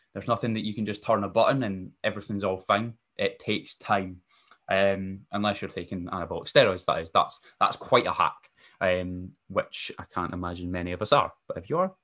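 Male podcast host, fairly low voice, easygoing rambling delivery with ums and restarts. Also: a bit bright. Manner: casual, rambling, frequent fillers and self-corrections. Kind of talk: solo podcast talk.

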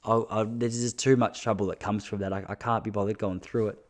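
A young Australian man talking casually to his listeners, self-mocking and quick to laugh, with lots of restarts. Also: fairly low pitch, flat delivery.

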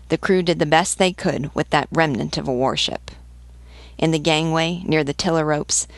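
A woman narrating an audiobook in a steady, unhurried way. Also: deep voice, gravelly, dry recording.

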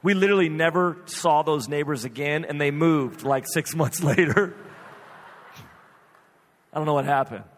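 A male pastor preaching a sermon, telling a funny story in an animated, emphatic way. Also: fairly high pitch, moderate pace, long pauses, long reverb tail.

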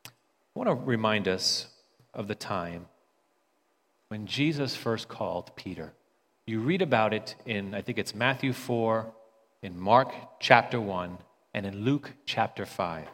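A man's voice: fairly low pitch, expressive, a little slow, fairly bright tone, long reverb tail. A man preaching a sermon in a conversational way, often stumbling and repeating words as he restarts.

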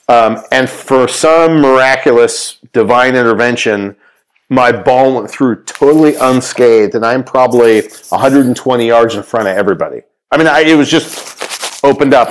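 A man's voice: mid-range voice, clear, resonant tone, low-quality recording. A man guest on a podcast, telling a story casually with many fillers and quoted lines. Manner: chatty, lots of ums and quoted dialogue. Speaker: podcast guest, sportswear executive.

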